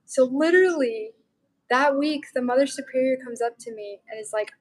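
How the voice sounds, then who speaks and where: A young adult woman from Montana, a guest telling a personal faith story in an animated, casual way, with lots of "like". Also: high-pitched, moderate pace, rough recording. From Montana, USA. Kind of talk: personal testimony in casual chat.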